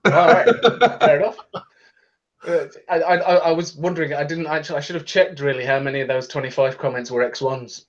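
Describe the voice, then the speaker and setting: A man's voice: on the high side, steady tone, a little fast. Laughing British man, lo-fi sound. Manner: laughs often, reads posts aloud. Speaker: podcast host. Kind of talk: casual chat. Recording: dull lo-fi audio.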